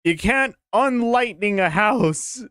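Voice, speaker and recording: Animated young-sounding male streamer. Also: sits high, slow, clean tone, no echo. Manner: animated storyteller, swears casually, laughs often. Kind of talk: casual stream chat. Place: home streaming setup. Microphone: dynamic studio microphone.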